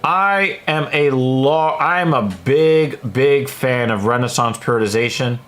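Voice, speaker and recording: A man's voice: mid-range voice, measured pace, a bit bright. Blunt chatty man reading live chat. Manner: chatty, frequent fillers, blunt opinions. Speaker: livestream host reading chat. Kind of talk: casual livestream commentary.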